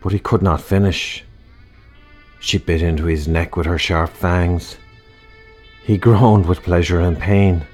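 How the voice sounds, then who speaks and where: A man narrating a dark comic story in a wry, measured storybook style. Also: low voice.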